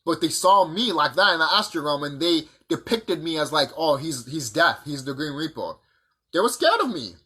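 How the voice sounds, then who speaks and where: A man delivering a profane, combative monologue full of rhetorical questions, with a husky voice. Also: a little high, lively intonation, normal speed, pushed and bright. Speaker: vlogger. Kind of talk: ranting monologue to camera.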